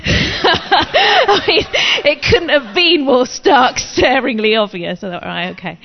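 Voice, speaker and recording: A woman's voice: a little high, very animated, a little slow. A woman sharing a personal faith testimony in a chatty, frank, self-deprecating manner, like a sermon. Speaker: Christian speaker. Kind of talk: testimony-style preaching. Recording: long reverb, dull lo-fi sound.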